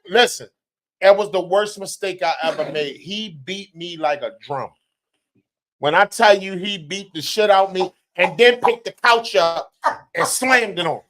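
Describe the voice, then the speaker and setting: A man's voice: high voice, a little slow, a bit bright. A man in a casual talk show, telling stories in an emphatic, profane way. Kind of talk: casual storytelling chat.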